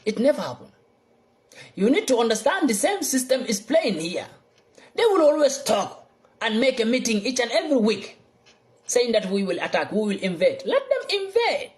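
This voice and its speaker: A young man giving an impassioned political monologue, fervent and repetitive, swinging between loud outbursts and low muttering. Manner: repeats lines for emphasis. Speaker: political vlogger.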